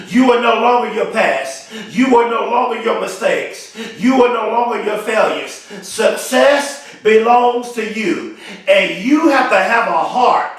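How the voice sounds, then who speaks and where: A man's voice: sits high, fairly bright tone. A man giving a motivational speech with an emphatic, fervent delivery, repeating phrases for stress. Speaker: motivational speaker. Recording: very echoey, mic far from speaker.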